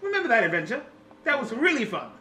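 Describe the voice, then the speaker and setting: A man voicing a boastful male fire genasi inventor and shopkeeper, pitching himself like a grand salesman. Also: wildly swooping pitch, fast talker, bright, forceful tone, full character voice.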